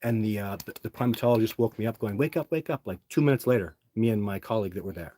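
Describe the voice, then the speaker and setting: Speaking fast in a warm voice on the low side, a middle-aged streamer entertains his live chat with long, wandering stories, full of restarts and filler words.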